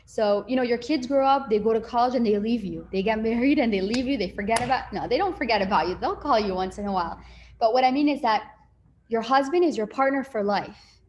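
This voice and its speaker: With a fairly high, slightly mellow voice and a brisk pace, a woman offers relaxed relationship advice. She chats conversationally, fills her speech with fillers, and acts out short exchanges as she talks.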